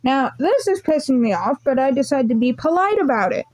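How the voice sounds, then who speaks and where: A woman's voice: sits high, fairly quick, a little hiss or hum, rough recording. A young woman rambling through a casual storytime vlog, swearing freely as she tells it. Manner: swearing, rambling, animated retelling. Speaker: vlogger.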